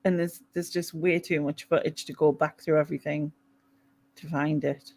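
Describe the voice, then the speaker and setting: A woman's voice: low voice, level tone, normal speed, a little mellow. A woman with a Mackem accent from North East England, hosting a casual live chat, laughing often and reading out viewers' comments. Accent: Mackem (Sunderland). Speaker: live stream host.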